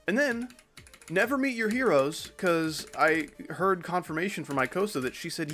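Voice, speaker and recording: A man's voice: fairly high pitch, expressive, normal speed, fairly bright tone, soft background music. A man streaming a game, rambling casually as he comments on his play. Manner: rambling, chatty, swears casually. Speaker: gaming streamer.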